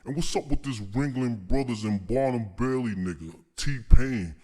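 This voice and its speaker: A man's voice: mid-range voice, unhurried, mellow. A man from Staten Island, delivering a boastful, confrontational, profane comic rant to the camera. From Staten Island, New York. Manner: boastful, confrontational, calls people out.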